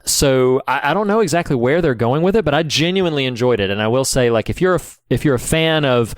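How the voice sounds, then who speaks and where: Man, podcast co-host, casual chat, mid-pitched voice, dry close sound. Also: smooth, no echo. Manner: chatty, enthusiastic, laughs easily.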